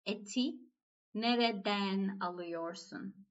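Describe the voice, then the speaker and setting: A woman with a Turkish accent teaching a language lesson, slow and patient, repeating each phrase. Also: mid-range voice, expressive, a bit bright, lo-fi sound.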